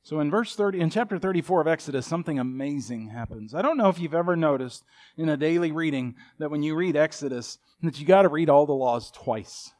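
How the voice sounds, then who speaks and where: A man's voice: fairly high pitch, a little fast. Folksy, joking preacher in his fifties. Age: 50s. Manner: folksy, humorous, animated storytelling. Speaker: pastor. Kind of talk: sermon.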